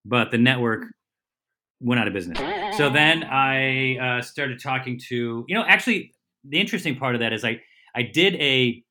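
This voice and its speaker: A middle-aged man, a comedian and TV host, telling a casual, rambling story as a podcast guest and correcting himself as he goes. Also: medium pitch. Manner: lively, rambling storyteller with quick self-corrections.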